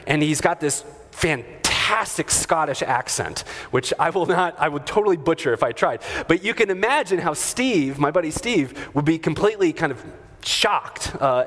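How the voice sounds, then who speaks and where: A man preaching a sermon in a church, talking in a relaxed, conversational way with fillers and chuckling asides. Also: a little high. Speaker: pastor. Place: church sanctuary. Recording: long hall reverb.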